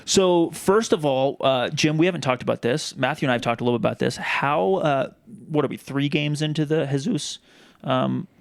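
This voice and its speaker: A man's voice: on the high side, moderate pace, creaky, no room sound, clean studio sound. A man co-hosting a casual podcast chat, talking loosely with restarts and fillers. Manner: chatty, many restarts and fillers. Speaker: podcast co-host.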